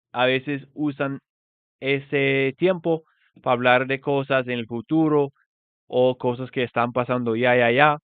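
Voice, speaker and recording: Slow, clear man teaching a lesson. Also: medium pitch, no room sound. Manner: explains slowly, repeats example phrases with emphasis. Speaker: English teacher. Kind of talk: bilingual live language lesson. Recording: dry, phone-like narrow sound.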